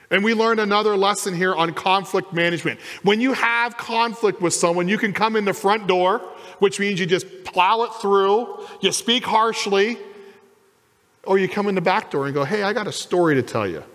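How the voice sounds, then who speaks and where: A man's voice: high voice, long reverb tail. A man preaching a sermon as pastor in a church, acting out the voices of the people in his story. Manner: animated preaching, acts out quoted voices. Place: church sanctuary.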